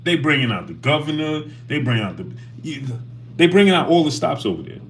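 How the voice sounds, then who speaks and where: A man's voice: on the high side, sing-song, fairly quick, slight background noise. A man hosting a casual boxing livestream, talking animatedly and greeting chat viewers by name.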